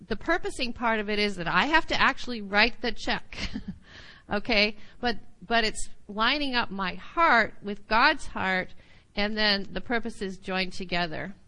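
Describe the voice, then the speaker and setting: A woman teaching a Bible study class, animated, often checking in with her listeners. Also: a little high, rough recording.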